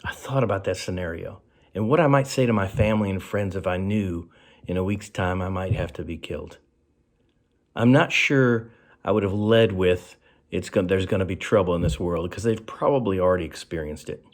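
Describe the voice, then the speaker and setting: A man pastor giving a short devotional sermon, earnest and conversational, who sinks to a soft, quiet voice on key phrases. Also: low voice, moderate pace.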